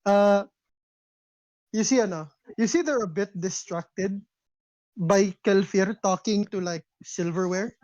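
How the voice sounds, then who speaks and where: A man's voice: high-pitched, slow pace, a little mellow, dry recording. A male game master narrating a tabletop role-playing session. He wanders through his sentences with lots of fillers. The recording is dry and slightly muffled. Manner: loose, rambling narration with fillers.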